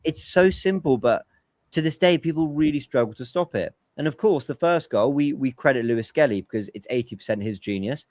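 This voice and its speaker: A man's voice: mid-range voice, animated, brisk, a little mellow, no echo, clean studio sound. A man hosting a casual football podcast over a remote call, talking analytically and explaining tactics at length. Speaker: podcast host.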